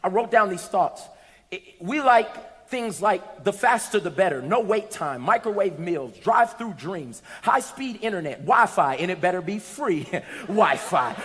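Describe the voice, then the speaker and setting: A man preaching a sermon, telling a funny story and building to loud, emphatic shouts. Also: high voice. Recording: reverberant hall.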